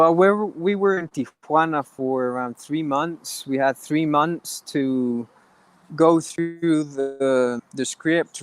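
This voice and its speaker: A man, an actor guest in an interview, talking earnestly with many restarts and halts. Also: on the high side. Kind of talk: interview conversation.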